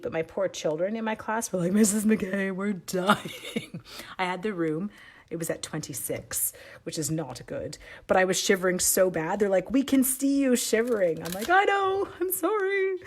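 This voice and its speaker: A middle-aged woman with a Canadian accent, feeling sick and coughing as she leads a live stamping demo, rambling through chatty side stories. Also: lowish voice. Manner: chatty, rambling, self-interrupting. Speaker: stamping demonstrator.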